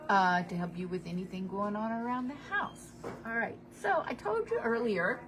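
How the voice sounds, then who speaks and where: A middle-aged woman hosting a hardware-store advice show. She explains things chattily and plainly, and she sounds practical and down-to-earth. Her voice sits at an ordinary middle pitch. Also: fairly bright tone. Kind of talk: call-in home advice radio talk.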